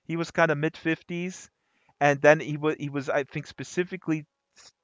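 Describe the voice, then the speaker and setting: A man from Germany telling a story at an open mic in a casual, animated way, with many fillers and restarts, acting out the voices of the people in it. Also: fairly high pitch, moderate pace, dry recording, lo-fi sound.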